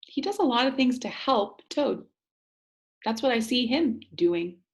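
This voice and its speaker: Slow lively woman teacher. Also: on the high side, a little hiss or hum. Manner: gentle, questioning, explanatory. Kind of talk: reading aloud and explaining to students.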